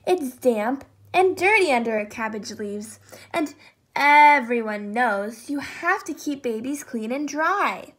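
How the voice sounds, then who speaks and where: A woman's voice: high-pitched, expressive, slow, full character voice. A woman voicing a giggly, confident lion in a children's story. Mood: teasing.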